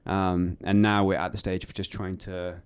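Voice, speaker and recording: A band member giving casual interview answers, hesitant and searching for words with frequent fillers. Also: male voice, deep voice, little pitch movement, moderate pace, clear, resonant tone, no echo.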